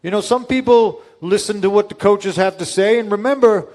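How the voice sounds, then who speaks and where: A man doing an impression of a gruff older male wrestling coach who lectures and calls people out, in a loud, higher voice. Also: normal speed, natural voice. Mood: lecturing.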